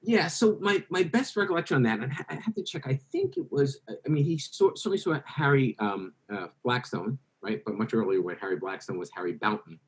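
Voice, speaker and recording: A male interview guest with an ordinary middle-pitched voice spins long anecdotes. He wanders, restarts and corrects himself mid-sentence in a relaxed conversational way. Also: a little fast, hardly any pauses, low-quality recording. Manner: rambling anecdotal, self-correcting. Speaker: guest author.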